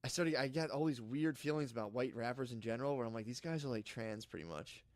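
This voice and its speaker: A fast-talking man with a medium-pitched voice hosts a podcast, spinning long, rambling stories in casual conversation. He swears often and acts out what people said. The audio is studio quality with no room sound.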